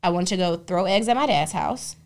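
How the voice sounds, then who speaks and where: A young adult woman co-hosting a podcast, telling stories in a profane, animated way and acting out the voices of the people in them. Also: on the low side, fairly quick. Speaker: podcast co-host. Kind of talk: casual podcast storytelling.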